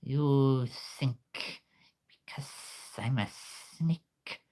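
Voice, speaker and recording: A man voicing a smug, menacing snake that taunts the listener in a low, drawling voice. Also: very slow, warm tone.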